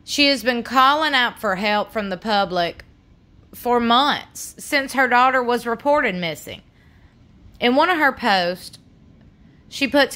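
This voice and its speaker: A woman's voice: a little high, expressive, slow pace, bright, forceful tone. A woman hosting a true crime channel, giving earnest, pleading and indignant commentary. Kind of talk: impassioned commentary.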